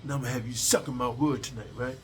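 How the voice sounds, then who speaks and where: A man voicing a menacing male inmate who taunts in a low, sneering drawl. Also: steady tone, quick pace, breathy edge, soft background music.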